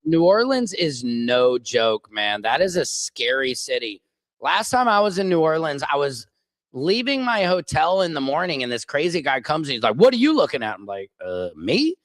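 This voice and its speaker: A man's voice: fairly high pitch, sing-song, moderate pace, fairly bright tone, no echo. A man, a stand-up comedian hosting his own show, chatting casually on a livestream and drifting off-topic with jokey asides. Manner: rambling, digressive, jokey asides.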